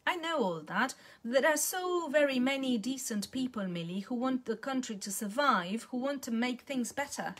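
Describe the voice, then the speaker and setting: A woman reading a gentle old lady. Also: sits high, expressive, moderate pace, hardly any pauses, pitched above the performer's own voice. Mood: earnest. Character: gentle elderly woman, mild, hopeful, sad.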